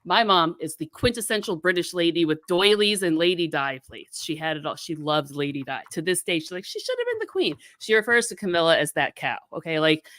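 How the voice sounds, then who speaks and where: Brief: woman storyteller, lowish voice, lively anecdote delivery, dry room. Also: brisk, hardly any pauses, no room sound. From South Florida, US. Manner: animated, acts out voices in her anecdote. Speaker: guest. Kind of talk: casual storytelling.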